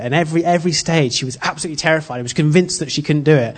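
Earnest but halting, a man at church gives an informal sermon centered on a personal story, often starting over mid-thought. His voice is a little high.

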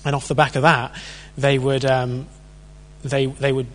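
A man's voice: mid-range voice, little pitch movement, a little slow, fairly bright tone. A man giving a chatty, self-deprecating sermon talk full of personal stories, in a church hall. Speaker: church speaker. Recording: long hall reverb.

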